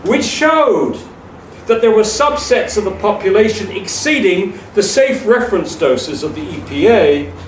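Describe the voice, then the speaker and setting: A man's voice: sits high, expressive, measured pace. A man giving a public lecture in a hall, emphatic and scornful, laughing at his own jokes. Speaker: speaker. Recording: echoey hall from far off, noisy.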